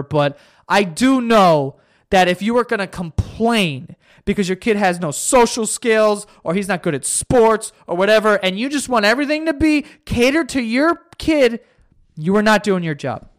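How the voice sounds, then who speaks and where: A man's voice: high voice, a bit bright, no echo, studio quality. A young man hosting a solo podcast, ranting in a heated, profane and sarcastic way. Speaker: podcast host.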